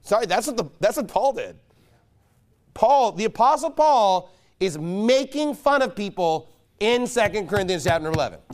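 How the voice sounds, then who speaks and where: High-voiced preacher, emphatic. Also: male voice, big pitch swings, moderate pace. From United States. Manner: emphatic, mocking, builds to loud insistence. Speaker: pastor. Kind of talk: sermon.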